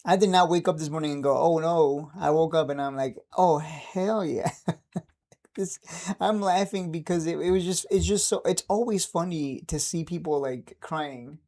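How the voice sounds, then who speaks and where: Streamer type, man in his 30s, mellow tone, keeps chuckling between remarks. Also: on the high side. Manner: laughs often, chuckling and upbeat. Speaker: stock trading streamer. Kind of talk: casual livestream chat.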